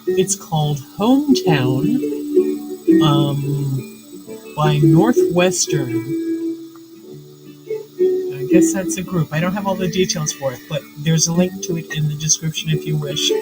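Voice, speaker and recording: A woman's voice: sits low, animated, measured pace, long pauses, rough recording. A woman from New York chatting casually and rambling as host of a livestream, with frequent fillers. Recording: loud music playing under the voice. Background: loud relaxing background music.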